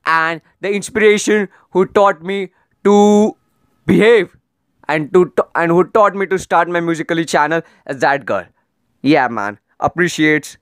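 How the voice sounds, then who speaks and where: A man's voice: fairly high pitch, fairly bright tone, no echo, clean studio sound. A man doing comedic roast commentary on video clips, sarcastic and rambling, often pleading in exasperation.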